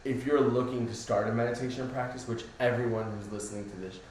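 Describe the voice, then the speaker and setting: A man's voice: medium pitch, fairly even intonation, fast, darkish tone, slight background noise. Easygoing coach guy chatting, keeps saying right, super echoey room. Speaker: spiritual coach. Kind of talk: casual podcast chat.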